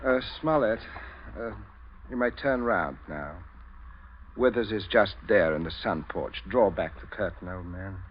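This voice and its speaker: An actor playing a genial but menacing middle-aged father who gives orders at gunpoint, chuckling and calmly commanding, in a 1940s radio drama. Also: fairly low pitch, measured pace, a little hiss or hum. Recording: dull old radio broadcast.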